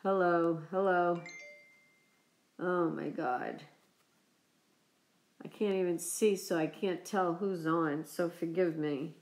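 Woman vlogging live, teary and choked up, talks slow and stops and restarts a lot. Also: on the low side, steady tone. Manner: emotional, halting, many restarts. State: choked up from crying. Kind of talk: casual live-stream chat.

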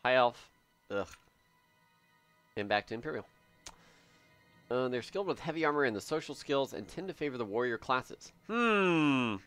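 A man streaming a video game, giving live commentary in an excitable, joking way as he thinks aloud. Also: medium pitch, moderate pace, pauses often, clear, resonant tone, dry recording, faint music behind.

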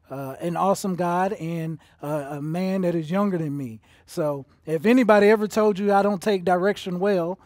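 High-voiced emotional pastor. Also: male voice, no room sound, clean studio sound. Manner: emotional, builds from soft to intense. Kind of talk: livestreamed sermon. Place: church auditorium.

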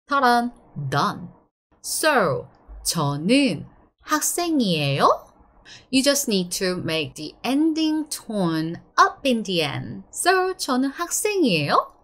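A woman in her thirties with a Korean accent, a Korean teacher giving an encouraging online lesson and drawing out the example phrases slowly. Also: mid-range voice. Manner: lively, encouraging, drawn-out model phrases.

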